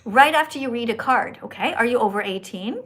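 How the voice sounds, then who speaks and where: A woman's voice: fairly high pitch, lively intonation, fairly quick, fairly bright tone. Scolding schoolteacher-like woman host. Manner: says her own voice is annoying. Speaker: livestream host. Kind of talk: live-stream chat with callers.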